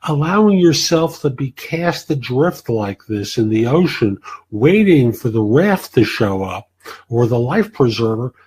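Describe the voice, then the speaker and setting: A man's voice: medium pitch, sing-song, unhurried, darkish tone, breathy edge, low-quality recording. A man hosting a career advice show, answering listener questions in a blunt, plain-spoken way.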